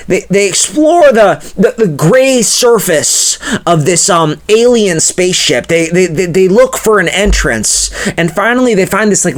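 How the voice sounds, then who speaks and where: Man, high voice, improvised comedy storytime, rambling, stammering, filler words.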